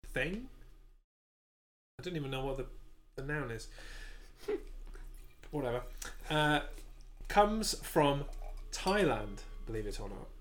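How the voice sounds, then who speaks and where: A man's voice: mid-range voice, big pitch swings, slow pace, pauses often, a bit bright. A British man hosting a podcast, chatting casually with dry, sardonic jokes and casual swearing. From Britain. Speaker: podcast host. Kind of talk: casual chat.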